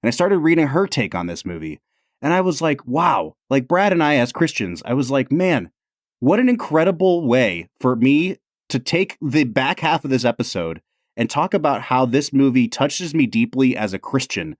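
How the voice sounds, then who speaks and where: A man co-hosting a podcast in casual chat, earnest and excitable, filling his talk with "like". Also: medium pitch, moderate pace, no room sound, studio quality. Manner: earnest, excitable, says "like" a lot. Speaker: podcast co-host.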